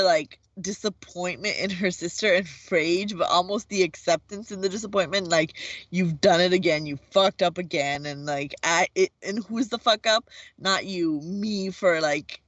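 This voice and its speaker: A woman speaks slowly and expressively on a recap podcast, leaning on "like" as she works through her point. The recording is dry and slightly dull. She takes her time with each thought. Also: lowish voice, dry recording. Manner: expressive, peppered with "like". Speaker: podcast co-host. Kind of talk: casual TV recap chat.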